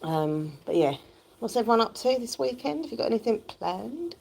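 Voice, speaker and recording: A woman chatting casually on a home livestream while pedaling an exercise bike, her voice croaky from just waking up, into a phone held close. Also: on the high side, sing-song, normal speed, a little mellow. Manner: chatty, rambling, laughs often while pedaling.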